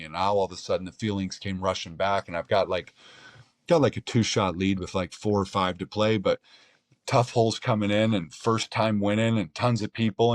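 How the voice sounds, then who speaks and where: Low-voiced American man telling a story. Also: dry recording. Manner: rambling, animated retelling with restarts and quoted inner speech. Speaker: pro golfer guest. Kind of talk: casual storytelling in an interview.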